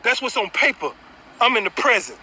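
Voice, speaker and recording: A man telling his own story in a blunt, animated way, swearing freely. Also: extremely high pitch, fairly quick, noisy background. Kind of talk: casual storytelling.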